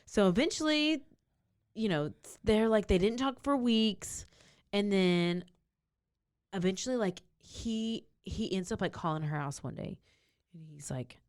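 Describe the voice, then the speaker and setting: A woman co-hosting a casual true-crime podcast, telling the story in a rambling, animated way. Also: mid-range voice, measured pace. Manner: animated, rambling, acts out quotes. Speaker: podcast co-host.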